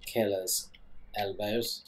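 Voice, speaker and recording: A man's voice: on the low side, fairly even intonation, slow, noisy background. A man from England trading dry jokes while co-hosting a let's play. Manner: dry, joking. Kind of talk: casual gameplay commentary.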